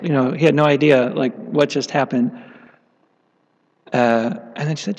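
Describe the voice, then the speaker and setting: A man's voice: mid-range voice, normal speed, darkish tone. A man giving a scripture class, telling a story casually with many fillers and restarts. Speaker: class speaker. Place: temple hall. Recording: long hall reverb.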